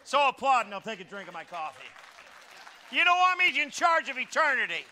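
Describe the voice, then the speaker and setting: A high, very bright and forceful male voice delivering a sermon. He tells stories with comic timing, jumping from loud exclamations down to mumbled asides. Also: fairly quick, a faint crowd, slight background noise. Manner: animated, jokey, swings between shouting and muttering asides. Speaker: pastor. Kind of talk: storytelling sermon.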